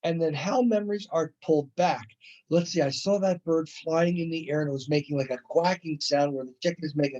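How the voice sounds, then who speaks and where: Casting: male instructor, slightly raised pitch, casual lecture delivery peppered with "right?", slightly muffled recording. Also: brisk, a little mellow. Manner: conversational, with frequent "right?" check-ins and playful acted-out examples. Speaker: college instructor.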